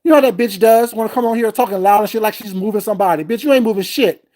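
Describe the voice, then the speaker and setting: A man's voice: sits high, rapid-fire, darkish tone. Male vlogger, angry confrontational rant, heavy swearing, recorded at home. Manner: heated, profane, confrontational. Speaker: vlogger host. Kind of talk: ranting vlog commentary.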